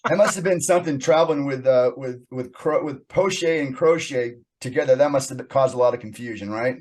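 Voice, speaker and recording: A man's voice: medium pitch, fairly quick. A man hosting a podcast, chatting in a casual, friendly way and laughing easily. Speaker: podcast host. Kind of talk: casual interview chat.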